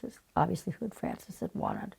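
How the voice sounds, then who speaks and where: An older woman, a casting director, telling stories in an interview, animated and acting out the people she quotes. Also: fairly quick. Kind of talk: casual interview storytelling.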